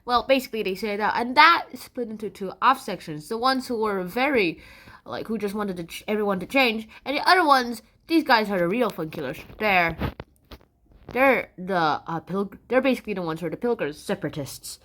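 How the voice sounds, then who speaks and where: Speaking fairly quickly in a mid-range voice, this woman makes history fun with a casual, joking lesson. Her delivery is animated, and she punctuates it with sound effects.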